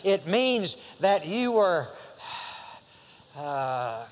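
Male preacher, high pitch, rambling then emphatic, long hall reverb. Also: very animated, drawn-out words. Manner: rambling, many fillers and restarts, rising to emphatic passages. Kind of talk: sermon.

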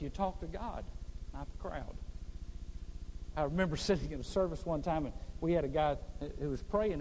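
High-voiced animated male preacher. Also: long reverb tail, rough recording. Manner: animated preaching, acts out prayers in mock voices. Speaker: pastor. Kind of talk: sermon. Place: large church.

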